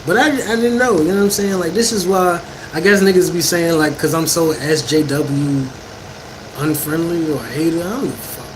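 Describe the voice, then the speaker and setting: A man with a high voice spins a story for his livestream chat, animated and quick to laugh, his talk full of casual profanity and slang. A steady air-conditioner hum runs loud behind him. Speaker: livestreamer telling stories to chat.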